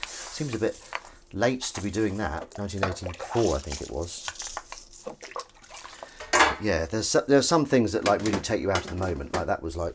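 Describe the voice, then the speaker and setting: This livestreamer, a man with a low voice, washes dishes as he chats in an animated, rambling way, often interrupting himself. He speaks at a moderate pace, with background noise and clinking dishes and cutlery.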